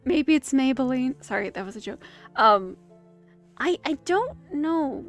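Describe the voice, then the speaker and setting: A woman's voice: high voice, expressive, measured pace, soft background music. A woman streaming a movie watch-along, chatting casually with rambling asides and self-interruptions. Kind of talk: casual live commentary. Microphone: streaming setup.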